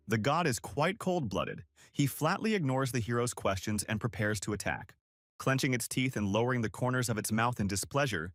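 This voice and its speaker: A man's voice: medium pitch, no room sound, clean studio sound. A man giving scripted, dramatic story narration as a manhwa recap narrator.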